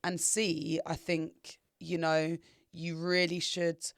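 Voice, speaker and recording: Woman co-host in her thirties, advice-giving, creaky voice, dry close sound. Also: fairly low pitch, monotone, slow pace, dry recording. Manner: chatty, advice-giving, reflective. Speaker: podcast co-host. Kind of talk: casual chat.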